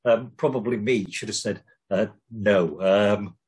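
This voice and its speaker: A man's voice: fairly low pitch, a little slow, darkish tone, breathy edge, poor audio. A man co-hosting a podcast, rambling and joking with lots of swearing and ums. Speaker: podcast co-host. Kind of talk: casual chat.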